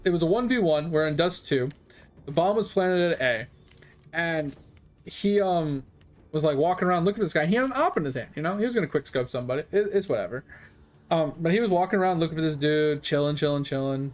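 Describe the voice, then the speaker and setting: A man streaming games, telling rambling, laid-back stories with casual swearing. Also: a little high. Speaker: game streamer. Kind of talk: casual storytelling while gaming.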